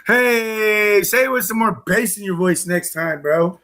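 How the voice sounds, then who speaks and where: Stream host: brash, teasing, higher bright male voice. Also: measured pace. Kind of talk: casual live-stream banter.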